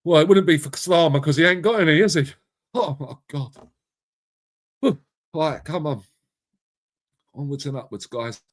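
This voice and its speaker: A man's voice: on the high side, normal speed, pauses often. A middle-aged English man hosting a casual live chat, blunt and matey, swearing freely and calling viewers mate and bruv. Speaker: live stream host.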